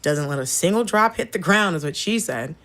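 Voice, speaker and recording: A woman with a fairly low voice and a bright, sharp edge to her tone. She tells family stories with blunt candor, laughing as she goes in a relaxed podcast chat. She is from the Southern United States. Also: brisk. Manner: candid, blunt storyteller who laughs through her stories. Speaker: podcast guest. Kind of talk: casual storytelling chat.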